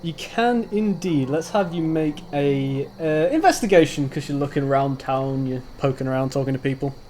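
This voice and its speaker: A man's voice: on the high side, normal speed, a little mellow. A man running a tabletop fantasy game as its narrator, wandering through his descriptions with plenty of ums and restarts. He talks over an online voice call, with a faint hiss of noise underneath. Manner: rambling, many ums and restarts. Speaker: game master.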